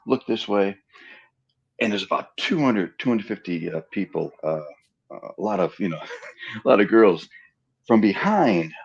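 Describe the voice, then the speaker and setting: A man's voice: low-pitched, creaky, slightly rough, dull audio. A middle-aged man guesting on a live-stream interview, animatedly telling anecdotes and acting out the dialogue of others. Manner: animated storyteller who acts out quoted dialogue. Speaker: interview guest, film stand-in and double. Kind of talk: casual anecdotal storytelling. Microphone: remote live-stream call.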